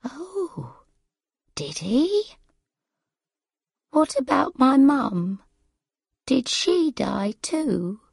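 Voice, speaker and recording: A woman's voice: very animated, drawn-out words, gravelly, long pauses, husky, no room sound, clean studio sound, exaggerated voice. A woman doing a frail confused old mother. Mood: bewildered. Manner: high, faltering, sometimes hushed.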